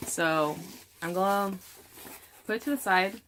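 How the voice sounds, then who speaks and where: A woman's voice: mid-range voice, a little slow, noisy background. A young woman talking casually in an unboxing vlog, rambling with lots of fillers. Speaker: vlogger.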